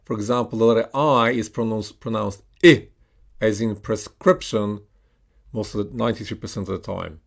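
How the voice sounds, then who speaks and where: A man's voice: lowish voice, fairly even intonation, vocal fry. A man teaching English pronunciation with a British accent, reading out single words one by one for students to repeat. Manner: slow, deliberate enunciation of single words with pauses. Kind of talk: pronunciation lesson with repeat-after-me drills.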